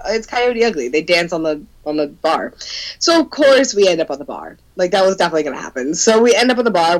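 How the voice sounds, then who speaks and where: A young adult woman telling a story in casual chat, animated, laughing often, swearing and peppering her talk with "like.". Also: on the low side, low-quality recording.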